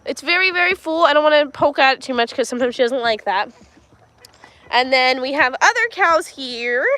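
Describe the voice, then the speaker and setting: A woman's voice: high voice, animated, brisk, bright, forceful tone. A woman hosting a casual livestream while doing farm chores, chatting to viewers, talking to her animals and laughing often, recorded on a handheld phone in a farmyard and barn. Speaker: livestream host.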